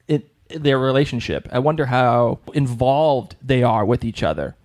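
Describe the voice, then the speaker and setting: Young Boston-accented male co-host, rambling casual chat, mid pitch. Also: expressive, measured pace, a little mellow. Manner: chatty, rambling, with frequent restarts. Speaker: podcast co-host.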